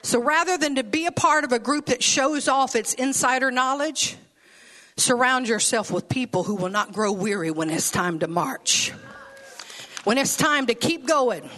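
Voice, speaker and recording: A woman's voice: high-pitched, animated, moderate pace, fairly bright tone. A woman preaching a sermon with folksy phrasing and laughing asides.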